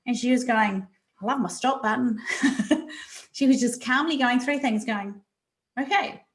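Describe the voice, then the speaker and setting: Animated woman, echoey room. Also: on the high side, a little slow. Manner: animated, repeats words for emphasis. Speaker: resilience coach presenting a webinar. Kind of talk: casual webinar presentation. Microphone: video call mic.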